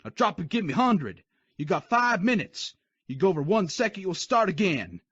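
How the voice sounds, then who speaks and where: A man's voice: high voice, sing-song, moderate pace, fairly bright tone, slightly rough, no room sound, pitched above the performer's own voice, exaggerated voice. A man voicing a harsh army drill sergeant who barks profane insults and taunts. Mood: menacing. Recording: dull dry lo-fi recording.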